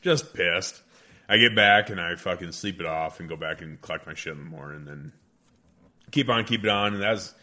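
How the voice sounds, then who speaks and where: A man's voice: deep voice, normal speed. Swearing man telling a hunting story. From American Midwest. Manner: animated, heavy swearing, rambling. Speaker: guest hunter. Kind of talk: casual storytelling.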